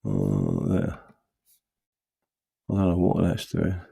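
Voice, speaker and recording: A middle-aged man hosting a casual political livestream, rambling between animated bursts and muttering while he works his screen and reads viewer comments. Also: deep voice, slow pace, gravelly, husky.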